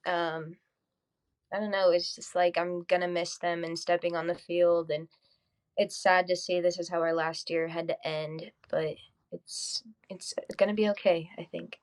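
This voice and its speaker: A teenage girl being interviewed, shy and soft-spoken, hesitant with ums. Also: fairly low pitch, flat delivery, measured pace. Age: teens. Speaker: high school softball player guest. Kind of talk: casual interview.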